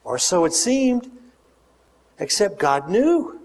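High-voiced animated preacher in a hall. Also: male voice, moderate pace. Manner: animated, joking, leads audience call-and-response. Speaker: pastor. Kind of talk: sermon. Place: large church hall with congregation. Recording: long reverb of a big hall.

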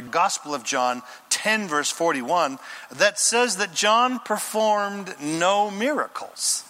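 A man's voice: high voice, pushed and bright, long reverb tail. A man preaching a sermon as pastor, telling a story with sound effects and little character voices.

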